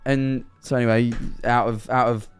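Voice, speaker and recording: A man's voice: medium pitch, flat delivery, normal speed, smooth, soft background music. A young man chatting on a live stream, rambling through absurd hypotheticals and answering his chat. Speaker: livestreamer.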